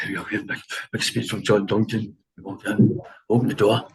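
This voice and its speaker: A man's voice: fairly low pitch, big pitch swings, very slow, long pauses, a bit bright, poor audio. A man in his sixties with an English accent, a former footballer telling dressing-room stories in a casual interview, full of laughs and quoted voices.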